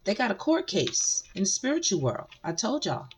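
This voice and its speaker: A woman's voice: mid-range voice, big pitch swings, moderate pace, slightly rough. A woman giving a casual spiritual tarot reading, speaking emphatically to her viewers and often repeating phrases. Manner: emphatic, repeats phrases, addresses the collective directly. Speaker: tarot reader.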